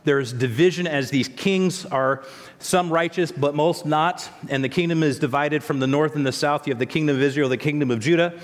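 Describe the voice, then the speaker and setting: A man's voice: fairly high pitch, a little fast. A man preaching a sermon in a conversational way, with frequent restarts and asides. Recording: long echo of a large hall.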